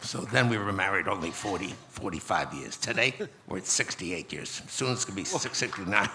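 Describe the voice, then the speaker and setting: A man in his nineties telling a story at a conference interview in an unhurried, anecdotal way with gentle humor. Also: deep voice, lively intonation, heavy background noise. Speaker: guest speaker. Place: conference stage.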